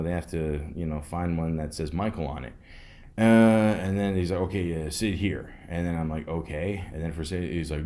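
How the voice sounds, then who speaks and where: A man with a very low voice tells a personal story in a loose, rambling way, full of "you know" and "uh." His tone is sardonic and profane, the sound of a casual podcast monologue. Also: darkish tone. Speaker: podcast host.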